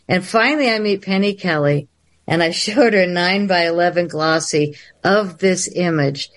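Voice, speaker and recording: Woman, filmmaker, animated storyteller, acts out voices, livestream call mic. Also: fairly low pitch, normal speed. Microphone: livestream video call.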